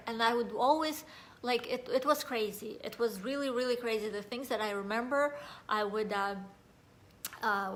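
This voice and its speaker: A woman from Russia, working as a mindset coach, gives a rambling but earnest motivational talk on mindset. Her voice is on the high side, a bit bright and slightly nasal, with many fillers.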